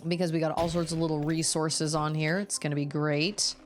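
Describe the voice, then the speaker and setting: A woman's voice: deep voice, a little fast, soft background music. A woman streamer chatting casually and rambling while she plays a game. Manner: rambling, animated, many fillers. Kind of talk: casual chat while gaming.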